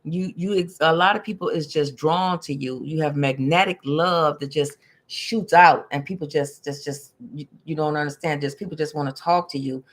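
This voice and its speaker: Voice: medium pitch, normal speed. Chatty tarot reader who stumbles over words. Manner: chatty and repetitive, stumbles over hard words, laughs at own slips. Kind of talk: casual live-stream reading to viewers.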